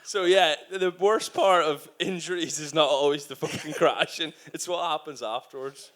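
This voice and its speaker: A man who is a motorcycle racer telling a profane, animated anecdote on stage at a live podcast event. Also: fairly high pitch, moderate pace. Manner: animated, profane storytelling with frequent laughs.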